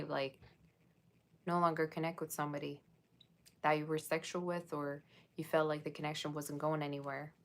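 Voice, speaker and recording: A woman giving a casual tarot reading, chatting and rambling straight to her viewers. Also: deep voice. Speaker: tarot reader.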